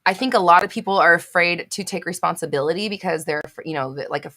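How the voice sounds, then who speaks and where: Hosting a live question-and-answer stream, a woman reads viewer comments and responds bluntly and emphatically, repeating points and swearing freely. Her voice is slightly low, pushed and bright, and she talks quickly.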